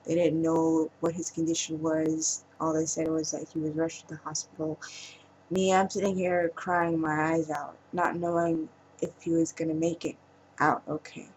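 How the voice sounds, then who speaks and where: A woman speaking in a personal vlog monologue, halting and emotional, trailing off with pauses. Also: sits low, level tone, darkish tone, muffled recording, a little hiss or hum. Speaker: vlogger.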